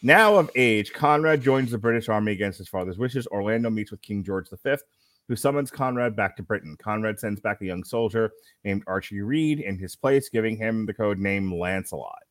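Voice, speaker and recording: Low-voiced man reading a plot summary. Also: fairly bright tone, no room sound. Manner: halting read with self-corrections. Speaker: podcast co-host.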